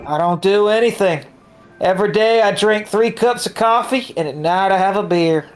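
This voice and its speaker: A woman voicing a laid-back middle-aged country man with a put-on Southern drawl in a fan dub of a game, slow and deadpan. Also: mid-range voice, faint music behind, close to an everyday voice.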